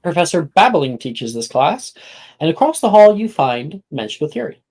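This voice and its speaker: A game master narrates a tabletop role-playing session, walking the players through the school day. The delivery is casual and loose, with plenty of fillers, at a mid-range pitch. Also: sing-song, moderate pace, darkish tone.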